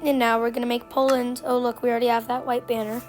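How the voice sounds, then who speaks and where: A woman's voice: fairly high pitch, flat delivery, loud music behind the voice. A woman giving casual, playful commentary on a game tutorial, joking at herself and trailing off with fillers. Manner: slow, playful and self-joking, with many fillers and trailing phrases.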